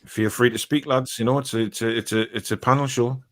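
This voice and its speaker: A man hosts a laid-back football chat, reading out viewer comments in a mid-pitched voice. He teases his mates and laughs between messages. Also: fairly even intonation, quick pace, a bit bright. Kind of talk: casual football banter.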